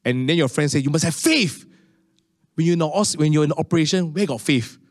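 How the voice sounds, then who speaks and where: A middle-aged man preaching a sermon, telling stories with animated, rising tones. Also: rapid-fire, no echo, clean studio sound. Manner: animated storytelling, rising to high excited tones. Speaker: pastor.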